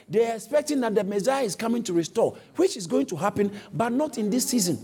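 A man preaching a sermon, animated, acting out quoted speech and often correcting himself mid-sentence. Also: sits high, fast talker. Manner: animated, acts out quotes, frequent self-corrections.

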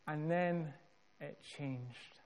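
A Scottish man preaching a sermon, telling a story with measured, dramatic pauses and building emphasis. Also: fairly high pitch, darkish tone.

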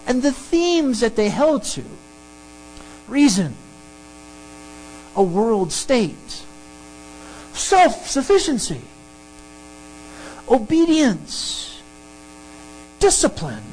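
A pastor preaching a sermon and teaching through a Bible passage, emphatic and animated. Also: a little hiss or hum, rough recording. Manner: animated, emphatic preaching with sudden pitch jumps.

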